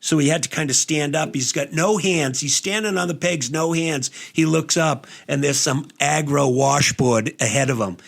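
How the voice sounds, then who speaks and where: A man's voice: fairly high pitch, normal speed, gravelly, few pauses. Profane rambling male storyteller. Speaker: guest host. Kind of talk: casual podcast chat.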